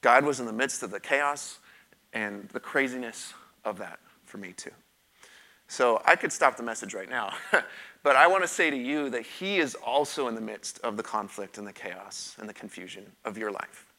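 Middle-aged male pastor, bright forceful voice, candid preaching with repeated emphatic phrases. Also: medium pitch, normal speed. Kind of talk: sermon with personal testimony.

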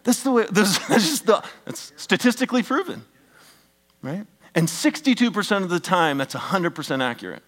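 A middle-aged pastor delivering a sermon in a somewhat high voice. He is animated, drops his voice to near-whispers for effect and throws in joking asides to the congregation. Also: normal speed. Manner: animated, swings from loud emphatic bursts to hushed near-whispers.

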